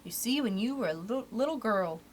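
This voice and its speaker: A woman's voice: fairly high pitch, lively intonation, fairly quick, a little hiss or hum, natural voice. A woman reading aloud, voicing a curious, artful little girl in a storybook with eager questions.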